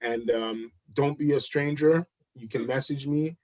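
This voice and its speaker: Brief: man, enthusiastic guest pitching hard, repeats himself for emphasis. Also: unhurried, dark tone. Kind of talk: live chat interview.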